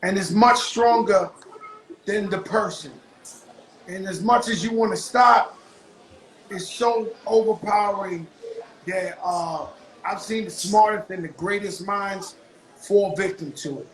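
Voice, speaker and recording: A heartfelt man hosts a casual conversation over a call and often stumbles over repeated words. His voice sits a little high. The room around him sounds echoey. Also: measured pace, long pauses. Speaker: host.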